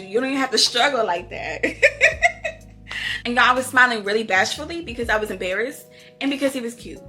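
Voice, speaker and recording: Speaking with a sharp tone on the high side, this book review vlogger tells her viewers personal stories, casual and candid, with frequent laughs and plenty of y'alls. She's not a Houston native.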